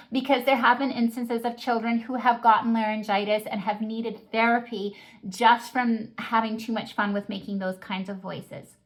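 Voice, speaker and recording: A woman's slightly high voice carries a calm, instructional talk on early childhood music. She explains things patiently and practically, like a teacher guiding other teachers.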